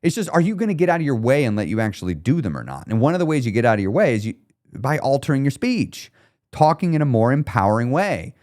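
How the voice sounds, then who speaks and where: Speaking at a quick clip in a medium-pitched voice, a man coaches his podcast audience on weight loss all by himself. His delivery is animated and blunt, slangy and relaxed, aimed squarely at the listener.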